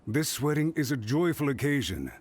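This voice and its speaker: An actor playing a polite, deferential clan retainer in a video game. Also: male voice, medium pitch, sing-song, moderate pace, slightly rough. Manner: courteous, deferential.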